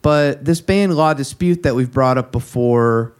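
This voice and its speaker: A man's voice: mid-range voice, a little slow, clean tone. Man, podcast co-host, casual rambling talk, lots of fillers. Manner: rambling, many fillers and restarts. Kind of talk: casual music chat.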